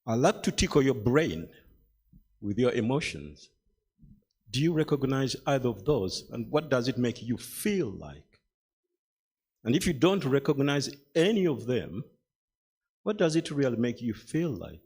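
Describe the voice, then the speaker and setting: An older man giving a measured, deliberate speech to an audience, posing rhetorical questions. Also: medium pitch, very animated, darkish tone, breathy edge. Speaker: festival speaker. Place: literary festival hall.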